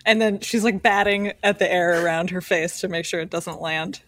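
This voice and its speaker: Hesitant low-voiced woman player. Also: steady tone, moderate pace, no echo. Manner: hesitant, many fillers. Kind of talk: playing a tabletop game.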